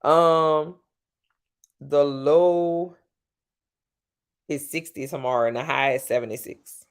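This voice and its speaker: Speaking slowly and smoothly in a steady tone, this Louisiana livestream host has a Southern accent. She chats casually with her viewers, cursing freely while her pitch bounces up and down.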